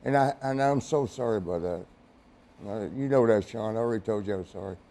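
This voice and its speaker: A man's voice: lowish voice, brisk, warm tone. A middle-aged man, a former wrestler, telling profane, rambling stories in a studio interview, laughing often and acting out the voices of the people he quotes. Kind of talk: casual storytelling interview.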